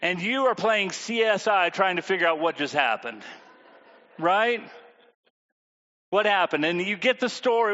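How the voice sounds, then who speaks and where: A man with a fairly high voice preaches a sermon and keeps turning to the congregation with questions. The sound is dull, with a long reverb from a large hall. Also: animated, measured pace, pauses often, bright, forceful tone. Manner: conversational, asks the congregation questions. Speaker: pastor.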